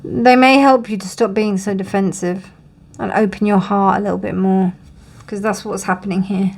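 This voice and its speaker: A woman reads tarot cards straight to her viewers in a relaxed, thinking-aloud way. She reassures as she goes, filling pauses with ums and you-knows and yawning now and then. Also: mid-range voice, creaky. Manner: musing, reassuring, thinks aloud with many fillers; yawns often during readings. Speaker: tarot reader. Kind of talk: casual tarot reading to camera.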